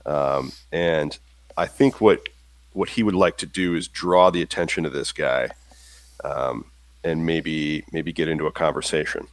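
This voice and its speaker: A man's voice: very deep voice, measured pace, no echo. A man playing a tabletop role-playing game, describing his character's moves in a hesitant way, with many restarts. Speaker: player.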